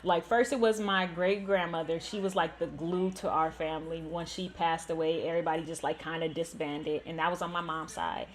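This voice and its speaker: A woman's voice: low voice, fairly even intonation, brisk, hardly any pauses. A young woman, host of a gaming channel, telling a painful personal story candidly, with many "like" fillers.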